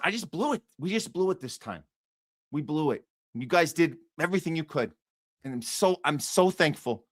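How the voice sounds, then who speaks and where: A man's voice: a little high, a bit bright, no room sound, studio quality. A man hosting a podcast, giving heated, profane and sarcastic political commentary that often repeats itself. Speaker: podcast host.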